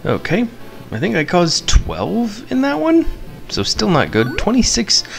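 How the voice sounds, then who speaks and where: A man commentating his mobile game playthrough, playful and excitable, chanting silly eating noises and squealing high at surprises. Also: a little slow, gravelly. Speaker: gamer. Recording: game music behind.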